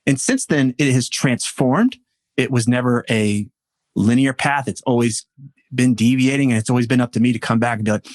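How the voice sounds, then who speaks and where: A man, a men's coach, speaking as a podcast guest in a reflective, storytelling way with halting restarts. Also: medium pitch, fairly even intonation, no room sound, studio quality. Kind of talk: podcast interview.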